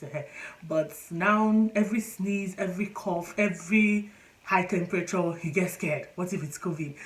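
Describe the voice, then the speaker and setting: A woman's voice: lowish voice, poor audio. A pregnant woman vlogging in a casual chat to camera, often breaking into laughter and exclaiming as she talks. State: pregnant, short of breath.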